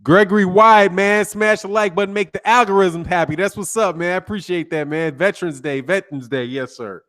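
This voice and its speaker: A man's voice: sits high, brisk. A man hosting a casual boxing live stream, greeting viewers by name in a laid-back way and ending most lines with "man.". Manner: laid-back, says "man" constantly, shouting out names. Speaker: boxing YouTube host.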